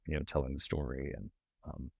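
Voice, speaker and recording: Very deep-voiced man from Alabama. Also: gravelly, no room sound, studio quality. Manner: halting, many restarts, animated pitch jumps. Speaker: documentary director, guest. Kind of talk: casual interview answers.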